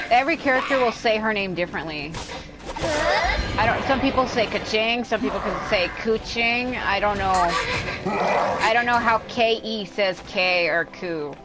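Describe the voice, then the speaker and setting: A woman's voice: medium pitch, expressive, moderate pace, pauses often, loud music behind the voice. A woman streaming a video game, rambling and exasperated as she comments, swearing often. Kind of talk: casual live gameplay commentary.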